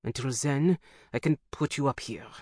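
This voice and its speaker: A man's voice: mid-range voice, normal speed, a little mellow, no room sound, clean studio sound, lightly acted. A narrator voicing a harried, grudging male French official with a French accent, curt and weary. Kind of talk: audiobook character voice.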